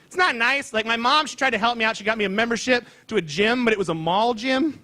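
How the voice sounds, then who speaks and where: A man doing a loud, excitable, self-mocking stand-up comedy set on stage before a live audience. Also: extremely high pitch, fast.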